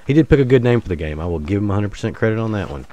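A low-voiced man with a drawl, chatting through a solo survival game. His pitch swings widely, dropping into mutters and jumping up when excited. Faint noise sits under a plain desk mic. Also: rapid-fire, dull audio. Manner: rambling, jokey, mutters asides to viewers. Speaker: gaming channel host. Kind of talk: casual solo gameplay commentary.

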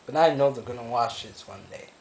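A teenage boy venting to camera in his bedroom, upset and swearing, shifting from quiet muttering to angry ranting. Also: mid-range voice, a little fast, creaky, reverberant, slight background noise. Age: teens. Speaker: vlogger.

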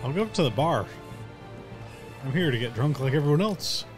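A man's voice: a little high, animated, fairly quick, music in the background. A man player at a tabletop game, speaking in dry, grumpy quips.

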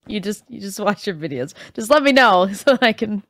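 A woman's voice: medium pitch, a bit bright, dry recording, studio quality. A woman chatting casually over a phone call, shy and giggly, laughing often.

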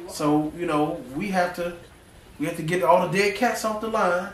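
A male pastor preaching a folksy, animated sermon full of slang, drawing responses from the congregation. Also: high voice, fairly quick. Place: church sanctuary. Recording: echoey church room, mic at a distance.

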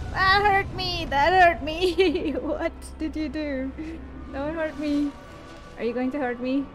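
A high-voiced woman gives unhurried commentary as she plays, chatting and laughing and talking straight to the enemy she is fighting. Game music plays clearly behind her. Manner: chatty, laughs often, talks to the boss. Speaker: gaming video host. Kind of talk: live gameplay commentary.

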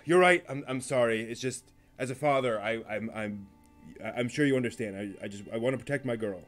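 A man voicing a worried, protective blacksmith father who shouts in a halting, frantic way. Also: mid-range voice, faint music behind, lightly acted. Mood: apologetic.

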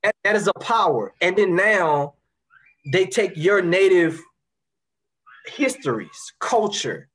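A man's voice: high-pitched, lively intonation, slow, long pauses, fairly bright tone, husky. A man from Baton Rouge with a Louisiana accent, talking passionately in a casual conversation and repeating words as he builds his points. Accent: Southern US, Louisiana. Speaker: guest.

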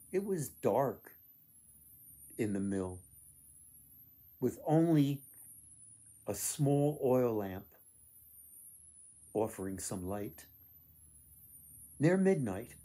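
A man reading a folktale aloud to children, expressive with dramatic pauses. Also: medium pitch, husky. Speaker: author reading his book. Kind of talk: storybook read-aloud.

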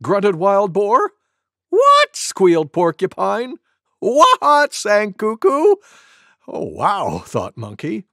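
A man voicing a gentle male goose who reads a cartoon storybook aloud, acting out each animal with big sneezes. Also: high-pitched, huge pitch swings, very slow, no room sound, studio quality, full character voice. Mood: storytelling.

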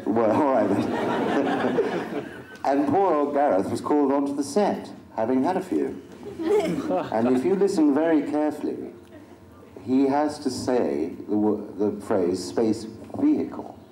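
Middle-aged guy cracking dry jokes on a panel, lively sing-song delivery, roomy hall with crowd chatter. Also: mid-range voice, unhurried. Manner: wry, dry self-mocking humor. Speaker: convention panel guest. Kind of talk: joking panel talk. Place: convention hall with audience. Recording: echoey hall with crowd noise.

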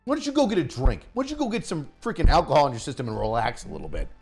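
Guy yelling fake-mad insults at his friend, super animated pitch, bit of music in the back. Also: racing. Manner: loud mock-angry ranting, heavy swearing. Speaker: podcast host. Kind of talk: casual roast banter.

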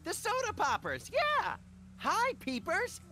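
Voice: very high voice, huge pitch swings, slow pace, sharp tone, slight background noise, exaggerated voice. A woman voicing a hyperactive, gleefully violent rabbity creature in a cartoonish video game.

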